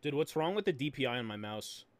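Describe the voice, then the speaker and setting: A young man from Canada streaming a game, excitable, goofy and profane in casual chat. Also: medium pitch, quick pace, no room sound.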